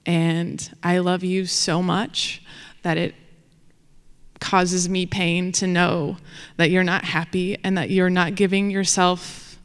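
A woman's voice: lowish voice, clear, resonant tone. Laughing woman telling a story live. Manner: laughs often, chatty with fillers. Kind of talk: personal story told live on stage. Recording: long hall reverb.

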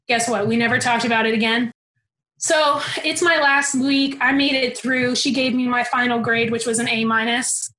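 High-voiced young woman telling a story. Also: moderate pace. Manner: animated, candid, swears casually. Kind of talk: personal storytelling. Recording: roomy echo.

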